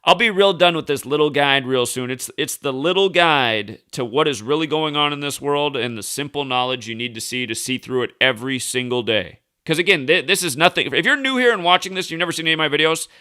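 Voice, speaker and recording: A man's voice: on the high side, brisk, hardly any pauses, pushed and bright, clear, resonant tone. A man in his thirties giving a rambling, indignant commentary, emphatic and full of restarts. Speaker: conspiracy news commentator. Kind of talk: casual ranting commentary.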